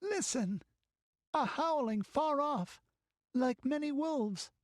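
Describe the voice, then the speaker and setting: Guy doing a high shrill little girl, scared and whimpery, storybook voice. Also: animated, normal speed, dry recording, clean studio sound. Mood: frightened.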